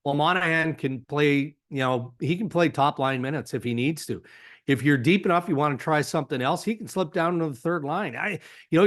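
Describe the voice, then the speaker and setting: A man with a Canadian accent, a hockey insider guest on a podcast, speaking in a measured, analytical way with frequent "you know" fillers. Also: a little high. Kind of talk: podcast interview.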